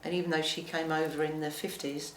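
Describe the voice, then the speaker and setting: A woman co-hosting a casual chat, telling stories with animated voices for the people in them. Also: low-pitched, quick pace. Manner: animated storyteller, mimics voices in anecdotes. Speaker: co-host. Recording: echoey room with faint ambience.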